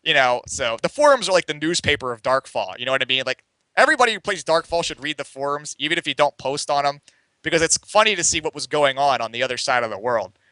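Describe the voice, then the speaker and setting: A man's voice: fairly high pitch, lively intonation, quick pace, sharp tone, dry recording, poor audio. A young man, a podcast guest, telling a long story in a casual, rambling way that is full of swearing and fillers. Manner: rambling and profane, heavy on fillers like "like" and "you know". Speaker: podcast guest, game community writer.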